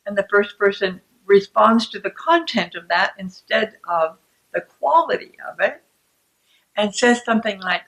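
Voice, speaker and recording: A woman who writes self-help books, explaining shame calmly and deliberately to the camera. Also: mid-range voice, rough recording. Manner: calm and deliberate.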